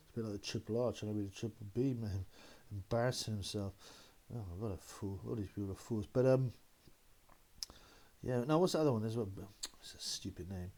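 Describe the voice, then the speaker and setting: Brief: male host, slightly low voice, loose rambling chat with laughs. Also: a little fast, mellow. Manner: rambling, laughing, mocking impressions of critics. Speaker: boxing channel host. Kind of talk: casual solo commentary.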